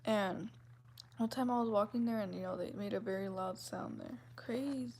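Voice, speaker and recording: A woman in her twenties chatting casually with her viewers, with a soft, gentle voice and a giggly, rambling way of talking that is full of "like". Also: medium pitch, moderate pace, vocal fry, slight background noise. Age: 20s. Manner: chatty, giggly, fills speech with "like". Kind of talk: casual livestream chat.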